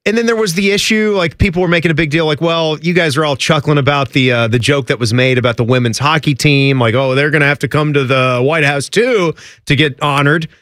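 A man co-hosting a casual sports radio talk show, laughing often and jumping into quick asides. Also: fairly high pitch, fairly bright tone, no echo, clean studio sound.

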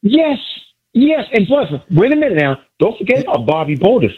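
Excited husky guy calling a sports radio show, voice jumping all over, muffled phone line, keeps repeating himself. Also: high voice, moderate pace. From Miami area. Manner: hyped, boastful, repeats phrases. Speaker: caller.

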